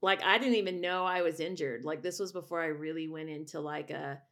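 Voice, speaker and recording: A woman's voice: low voice, a little fast, a bit bright. A middle-aged woman, a voice teacher and singer, telling a personal story candidly in a rambling way with many restarts.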